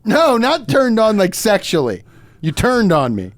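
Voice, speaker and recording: A man hosting a podcast, telling a story in casual comedic chat, swearing and jumping up to shouted outrage. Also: high-pitched, huge pitch swings, measured pace, no room sound. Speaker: podcast host.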